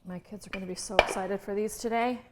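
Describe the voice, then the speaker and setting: A woman's voice: mid-range voice, steady tone, fast talker, very noisy. Chatty woman chef, playful asides. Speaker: chef teaching a recipe. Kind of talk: casual home cooking demonstration. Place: kitchen.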